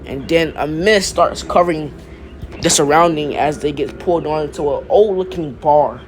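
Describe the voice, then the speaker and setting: A man improvising a fan-fiction story aloud, halting and restarting his phrases. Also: on the high side. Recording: faint background noise.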